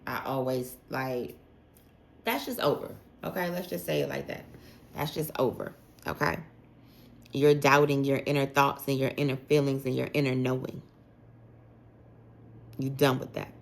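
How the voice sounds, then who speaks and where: A woman's voice: extremely low pitch, fairly even intonation, normal speed, gravelly, pauses often. A woman giving a casual, chatty tarot reading for zodiac signs, speaking straight to each sign with plenty of slang and "like" fillers. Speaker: tarot reader.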